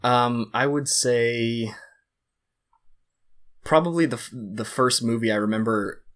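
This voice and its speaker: A man in his twenties from the United States, an easygoing podcast guest talking filmmaking with measured pauses. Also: medium pitch, fairly even intonation, a bit bright. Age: 20s. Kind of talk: casual interview chat.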